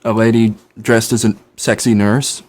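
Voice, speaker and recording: A man co-hosting a casual podcast, telling stories and now and then breaking into loud impressions. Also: lowish voice, level tone, normal speed. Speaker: podcast co-host. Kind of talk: casual chat.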